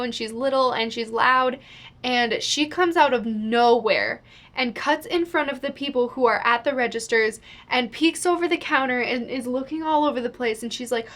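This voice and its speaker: A woman's voice: sits high, a bit bright. A young woman telling a storytime vlog to the camera, chatty and exasperated, full of "like". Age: young adult. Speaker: vlogger.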